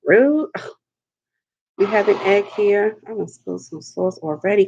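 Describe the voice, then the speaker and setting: Young adult woman, mukbang host, playful and sassy, slow easy delivery, slightly dull lo-fi stream sound. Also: medium pitch, dark tone, breathy edge. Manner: sassy, playful, laughs often, endearments like honey and darling. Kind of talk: live-stream eating chat.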